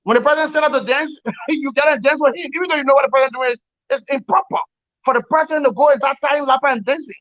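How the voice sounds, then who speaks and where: Man ranting about politics, sharp bright voice, repeats himself, remote call. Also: very high voice, rapid-fire. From Liberia. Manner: emphatic, repeats words, laughs wryly. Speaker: political commentator. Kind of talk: opinionated commentary on a talk show. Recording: dull lo-fi call audio.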